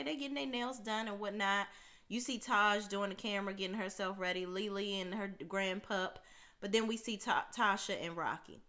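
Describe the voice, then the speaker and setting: Sassy woman with a bright voice. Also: medium pitch. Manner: sassy, gossipy, full of asides. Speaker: reality TV recap host. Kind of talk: casual recap commentary.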